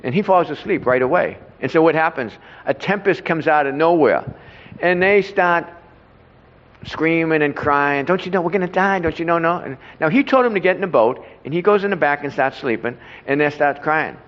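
A man's voice: a little high, animated, moderate pace. A man telling a rambling, stumbling story at an informal Bible study, repeating himself and tripping over words. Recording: echoey hall, dull lo-fi sound.

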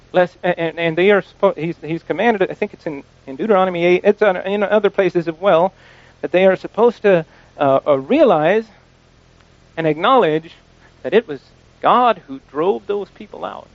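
A man preaching an informal sermon, halting often, repeating words and restarting, and slowing down to stress quoted scripture. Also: high voice, no room sound, dull audio.

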